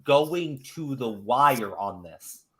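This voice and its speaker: A man co-hosting a casual group podcast, talking in an excitable, sarcastic way. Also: slow, a crowd in the background. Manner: excitable, sarcastic, swings up and down in pitch. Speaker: podcast co-host.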